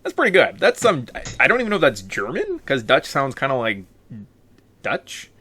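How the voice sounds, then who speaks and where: A man's voice: mid-range voice, moderate pace, a little hiss or hum. A man co-hosting a casual sports podcast, joking and rambling as he talks. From Canada. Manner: joking, rambling, animated delivery. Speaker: podcast co-host.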